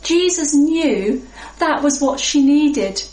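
A woman preaching a sermon in a reflective, measured way with pauses. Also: high voice, animated, darkish tone. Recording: echoey room.

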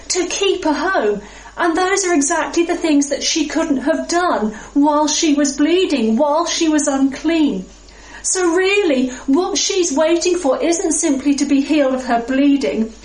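High-voiced woman preaching slowly, echoey room. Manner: reflective, measured, with pauses. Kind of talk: sermon.

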